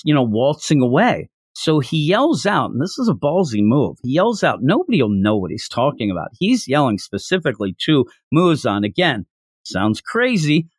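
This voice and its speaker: An animated male podcast host retells a chapter with enthusiasm. His fairly high voice rises and falls a lot. The sound is close and dry, with no room echo. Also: normal speed, husky. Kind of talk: casual chapter recap.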